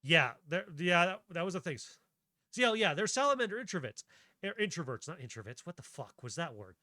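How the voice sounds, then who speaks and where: A man hosting a loose, tangent-hopping chat on stream, swearing casually as he goes. His voice is bright and forceful, sitting a little high. The sound is dry, with faint music underneath. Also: sing-song, fairly quick, no room sound. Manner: rambling, tangent-jumping, profane. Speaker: streamer, host.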